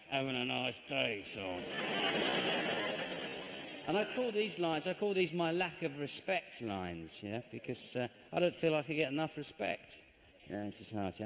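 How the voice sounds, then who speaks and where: A middle-aged man from England doing a stand-up comedy routine, deadpan and grumbling, breaking into sudden shouts. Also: mid-range voice. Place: large theatre stage. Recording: live show with constant audience noise.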